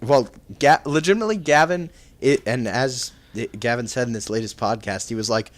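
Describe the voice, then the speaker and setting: A man's voice: mid-range voice, brisk. A young man hosting a casual podcast over a voice call, rambling through stories, swearing freely and acting out the voices he quotes. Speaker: podcast host. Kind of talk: casual chat.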